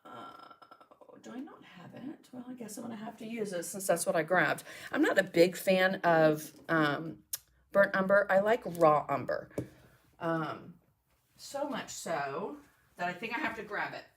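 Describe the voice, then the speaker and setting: A woman's voice: mid-range voice, lively intonation, unhurried, a little hiss or hum. A woman hosting a live mixed media art demonstration, chatting and thinking aloud as she works and answering viewer comments. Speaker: mixed media artist and host.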